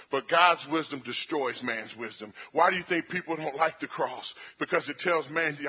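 A man preaching a sermon, building to fervent peaks with amens and hallelujahs and dropping low for quoted voices. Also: expressive, moderate pace, few pauses, husky, highs cut off. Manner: rising to shouted fervor with amens and hallelujahs.

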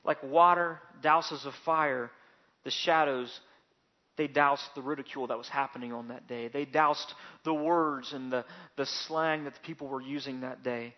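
A man preaching a sermon, telling the story dramatically and building to loud, emphatic peaks. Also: mid-range voice, fairly even intonation, moderate pace. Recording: dull lo-fi recording.

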